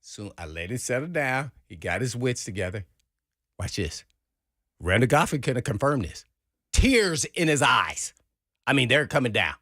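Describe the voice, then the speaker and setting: A man co-hosting sports talk radio, telling an animated story and acting out the quotes. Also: medium pitch, normal speed, no room sound, studio quality. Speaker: sports radio co-host, former player.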